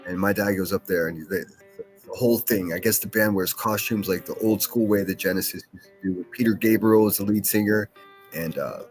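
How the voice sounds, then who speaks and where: Guy rambling on his solo podcast, lowish voice, cursing a lot, faint music in back. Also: fairly quick. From Pittsburgh, USA. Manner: rambling, profane, full of fillers and restarts. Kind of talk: casual rambling monologue.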